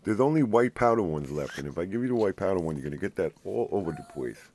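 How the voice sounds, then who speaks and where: A man's voice: low-pitched, sing-song, quick pace, a little mellow. A man at home filming his pet on his lap, teasing, coaxing and playfully scolding it. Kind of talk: casual home video talking to a pet.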